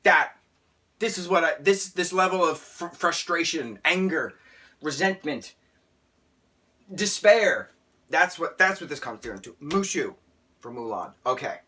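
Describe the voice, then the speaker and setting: A man rants through a film review with exasperated, theatrical energy and bursts of sarcasm. His voice sits a little high and sounds bright and forceful. His pitch leaps about constantly. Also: expressive, normal speed. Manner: sarcastic outbursts.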